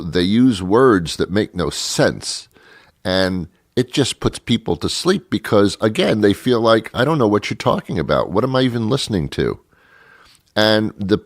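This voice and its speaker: A man's voice: sits low, dry recording, studio quality. A man hosting a talk show, delivering a rambling, exasperated comedic rant with stammering restarts. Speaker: radio show host.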